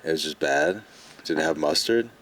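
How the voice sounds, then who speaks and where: A man co-hosting a podcast, deadpan, pushing silly what-if questions. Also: very deep voice, moderate pace. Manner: deadpan, pushes silly hypotheticals. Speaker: podcast co-host. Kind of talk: casual podcast banter.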